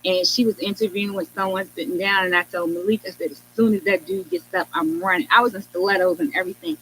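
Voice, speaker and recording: Woman guest, storyteller, animated delivery, bright tone. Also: mid-range voice, fast talker, slight background noise, low-quality recording. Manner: animated, quotes others in lively retelling. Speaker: guest, writer. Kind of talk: storytelling in conversation.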